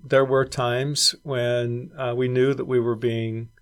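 A man's voice: mid-range voice, flat delivery, takes it slowly. A middle-aged man, a former missionary and regional director, reflectively recounting his years abroad in an oral history interview. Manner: reflective storyteller who acts out quoted voices.

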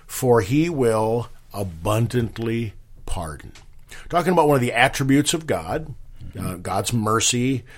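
A man hosting a talk show, questioning a pastor and expounding on scripture with frequent pauses. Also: on the low side. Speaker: host.

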